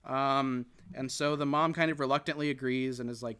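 A man's voice: mid-range voice, fairly even intonation, moderate pace, bright, forceful tone, smooth. A man hosting a casual podcast chat, recapping a film in a rambling way with lots of fillers and restarts. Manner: rambling, full of fillers and restarts, quotes characters. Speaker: podcast host.

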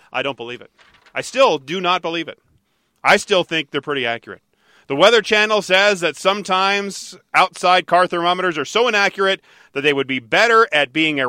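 A man hosting a talk radio show, chatting and teasing his co-host in a lively, animated way. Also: a little high, no echo, studio quality. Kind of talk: casual talk radio banter.

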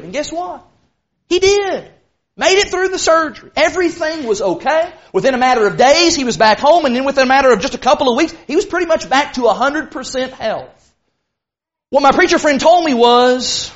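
A man's voice: very high voice, a bit bright. A man preaching a sermon to a congregation in an emphatic, folksy way. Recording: dull lo-fi recording.

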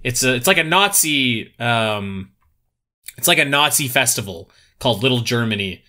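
A man co-hosts a podcast, chatting casually in an animated way, swearing freely and laughing a lot. His voice sits at a medium pitch and he talks at a moderate pace.

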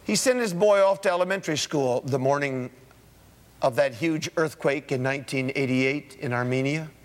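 A man's voice: a little high, moderate pace. A man preaching a sermon to a congregation, emphatic, building his points through repeated phrases in a rising cadence. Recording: long hall reverb.

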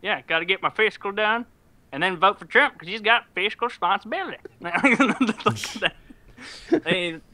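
Man, nasal voice, sharp bright tone, sarcastic and profane, casual chat. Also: high-pitched, expressive. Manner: sarcastic, profane, quick to laugh.

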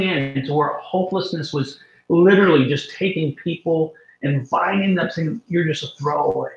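Animated, emphatic man telling a story. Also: on the high side, moderate pace, reverberant, poor audio. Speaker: guest minister. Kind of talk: storytelling in a faith talk show.

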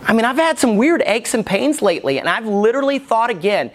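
A man's voice: very high-pitched, very animated, a little fast, hardly any pauses. A pastor in his forties preaching a sermon in a church, candid and dramatic in his storytelling. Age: 40s.

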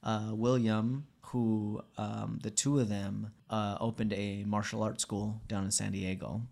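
Brief: a relaxed male podcast co-host, gravelly voice, casual and profane. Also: lowish voice, measured pace. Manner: laid-back, profane, jokey. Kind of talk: casual chat.

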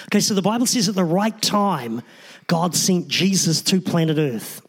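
A man's voice: sits high, animated, moderate pace, husky. A man, a pastor, preaching a sermon in an earnest, emphatic way with short repeated phrases.

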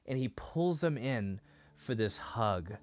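A man's voice: mid-range voice, takes it slowly. A man co-hosting a podcast, retelling a TV episode with feeling, full of fillers and restarts. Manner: emotional, animated retelling with many fillers and restarts. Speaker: podcast co-host. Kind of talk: casual discussion of a TV episode.

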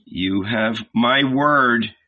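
Man reading timid male disciple, hesitant voice, husky tone, muffled lo-fi sound. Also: mid-range voice, extremely slow. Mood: unsure. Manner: hesitant and unsure. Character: fearful, unsure male disciple. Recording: dull lo-fi recording.

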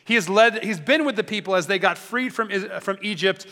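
Bright, high-voiced male preacher. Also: a little fast, in a large hall. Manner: energetic, joking, conversational preaching. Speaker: pastor. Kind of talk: sermon.

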